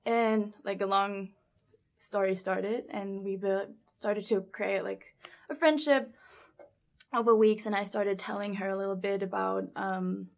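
A young adult woman recounting a personal story in a casual interview, animated, with lots of fillers and quoted dialogue. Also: medium pitch, measured pace, vocal fry. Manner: animated, laughs often, many fillers like 'um' and 'like'; acts out quoted dialogue in her own voice. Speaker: guest telling her story.

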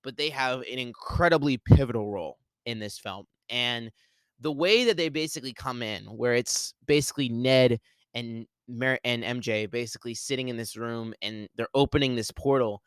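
A man hosting a podcast solo, talking excitedly and rambling, with lots of "like". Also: mid-range voice, normal speed, smooth, no echo. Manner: excited, rambling, heavy use of "like". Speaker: podcast host. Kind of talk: solo movie spoiler talk.

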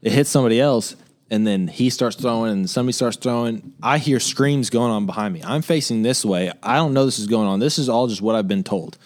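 A man's voice: medium pitch, fairly quick, darkish tone. Laid-back young man spinning jokey stories. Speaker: podcast co-host. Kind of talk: casual chat.

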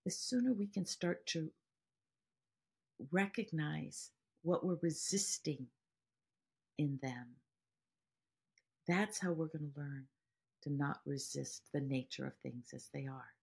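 Low, husky-voiced woman teaching meditation. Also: unhurried, pauses often, a little mellow. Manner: earnest, explains with everyday examples and stories. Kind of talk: podcast teaching monologue.

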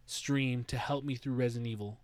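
A man's voice: medium pitch, fairly even intonation, fairly quick. A man hosting a casual podcast, hyped and teasing in tone. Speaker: podcast host.

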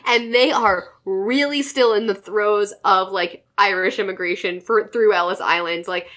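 A woman's voice: mid-range voice, normal speed, fairly bright tone. A woman co-hosting a podcast, chatting casually about a movie and making wry, sarcastic asides. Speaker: podcast co-host. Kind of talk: casual movie recap chat.

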